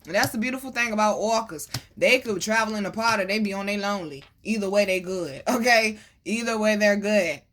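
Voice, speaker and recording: Animated woman doing a preachy tarot reading. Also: mid-range voice, fairly quick, few pauses. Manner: animated and preachy, calls listeners baby and boo, swears freely. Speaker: tarot reader. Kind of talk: casual tarot reading to viewers.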